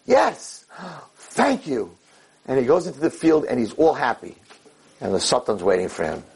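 A man lecturing and telling a parable in an animated way, mixing in Yiddish words. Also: medium pitch, fairly quick, vocal fry, breathy edge, poor audio. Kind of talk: storytelling sermon.

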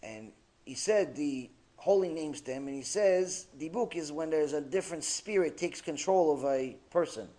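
A rabbi giving a Torah lecture, animated and acting out the quotes he tells. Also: on the high side, moderate pace. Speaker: rabbi teaching.

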